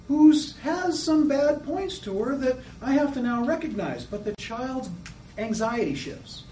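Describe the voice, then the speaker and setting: This psychoanalytic theory lecture comes from a man with a high, lively voice who speaks a little slowly and acts out children's voices to make his points. The mic sits at a distance in a roomy, echoing space, and a soft room hum runs behind him.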